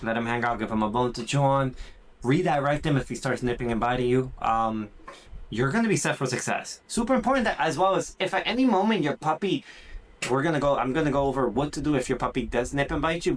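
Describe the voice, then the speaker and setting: A man hosting a podcast and giving casual training tips. He talks in an animated way and acts out what owners and puppies might say. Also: mid-range voice, brisk. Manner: animated, acts out puppy and owner voices, says "dude" and "transparently speaking". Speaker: dog trainer and podcast host. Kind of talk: casual instructional podcast talk.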